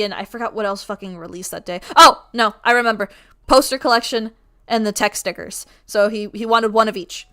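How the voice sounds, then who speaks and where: Bright-voiced woman ranting in casual chat. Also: mid-range voice, brisk. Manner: animated, swears freely; can project a loud voice. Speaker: art streamer. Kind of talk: casual storytelling rant.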